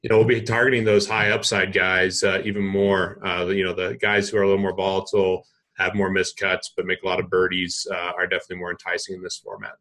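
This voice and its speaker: A man's voice: sits low, flat delivery, fast talker, fairly bright tone, low-quality recording. A man co-hosting a sports podcast, giving matter-of-fact analysis. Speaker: podcast co-host. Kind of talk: casual podcast chat.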